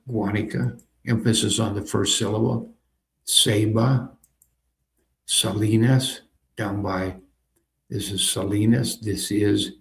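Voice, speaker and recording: Gravelly chatty man demoing software. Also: lowish voice. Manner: chatty, repeats phrases, thinks aloud while clicking. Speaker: software demonstrator. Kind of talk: casual screen-recorded tutorial.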